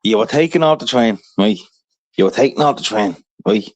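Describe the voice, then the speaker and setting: A man's voice: fairly low pitch, animated, fairly quick. A man hosting a live-stream call, mocking and laughing, repeating himself.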